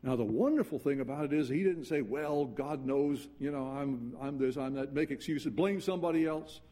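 A man preaching a sermon earnestly, dropping to quiet intensity and then rising into urgent passages. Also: medium pitch, moderate pace.

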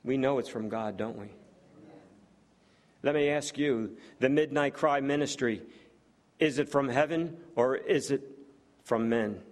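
A man's voice: mid-range voice, a little slow, long pauses. A man preaching a sermon, reading scripture aloud and putting rhetorical questions to the congregation. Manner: reads scripture aloud between remarks.

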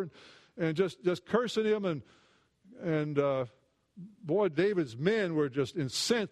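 An earnest man delivers a sermon with a fairly high voice. He restarts and repeats words as he thinks aloud. He climbs in pitch when he retells a story and sinks low and quiet for asides. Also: animated, moderate pace. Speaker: preacher.

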